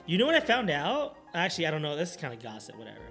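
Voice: mid-range voice, wildly swooping pitch, racing, creaky, music in the background. A podcast co-host chatting casually during a watch-along, joking and rambling with lots of fillers.

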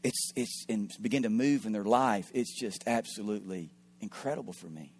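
A middle-aged man, a pastor, telling a story in an earnest sermon, often repeating his words and dropping into soft asides. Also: on the low side, moderate pace, husky. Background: faint guitar music.

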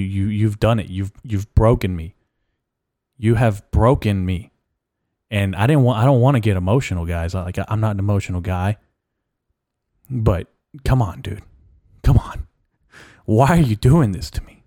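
A young man hosting a solo podcast, giving a halting, mock-mournful rant full of restarts. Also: on the low side, warm tone, no echo, clean studio sound. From Mexican-American. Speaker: podcast host. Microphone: podcast mic.

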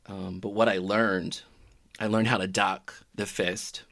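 A middle-aged man telling a personal story in a halting, reflective way that often trails off quietly. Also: fairly low pitch, little pitch movement, creaky, no room sound, studio quality. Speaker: podcaster telling his own story.

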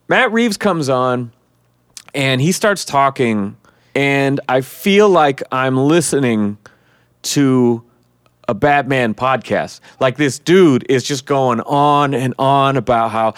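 A man's voice: medium pitch, slow, clear, resonant tone, no room sound, studio quality. A man hosting a podcast in casual chat, rambling on and swearing freely. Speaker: podcast host.

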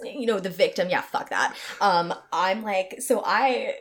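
A young adult woman telling a story as a guest, animated and playful, with many restarts. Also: mid-range voice, unhurried. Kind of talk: casual storytelling.

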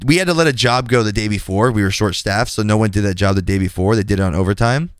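A man's voice: fairly low pitch, quick pace, smooth, no room sound, studio quality. A male podcast host in casual chat, telling a story bluntly and animatedly, acting out the quoted lines and swearing now and then.

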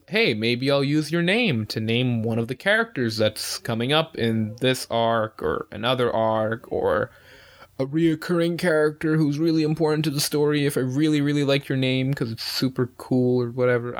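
A man's voice: medium pitch, a bit bright. A man, host of the podcast, running through casual outro announcements in an offhand, self-deprecating way.

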